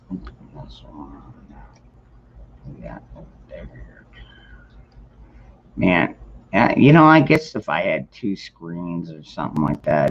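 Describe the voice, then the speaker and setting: A man with a low, gravelly voice talks slowly and easily through a casual late-night livestream, chatting and greeting viewers by name. The sound is dull and lo-fi, like a home streaming mic. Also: slight background noise. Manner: rambling and laid-back, greeting chat viewers by name. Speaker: livestream host.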